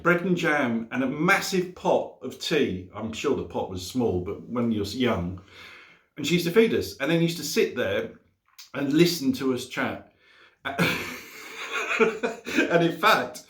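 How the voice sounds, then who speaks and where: A man's voice: medium pitch, a bit bright, roomy sound. A man, telling a story casually as a motorcycle vlogger in his home garage, chatty and laughing often.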